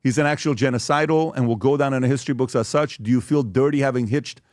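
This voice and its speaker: A man's voice: mid-range voice, fast talker, darkish tone, no echo, clean studio sound. A man hosting a podcast, talking through posts and questions in an emphatic way, often checking in with "okay?". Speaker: podcast host. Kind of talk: talking through social media posts on a show.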